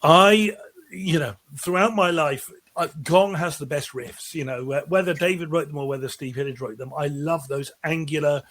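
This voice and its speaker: Higher-voiced man telling rambling stories. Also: normal speed. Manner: animated, rambling anecdotes with frequent restarts. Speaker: musician guest. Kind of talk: casual interview storytelling.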